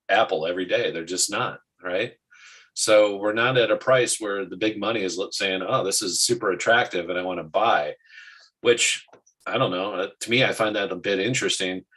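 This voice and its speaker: A man hosting a casual market talk show, animated and quick to restart his sentences. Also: lowish voice, low-quality recording.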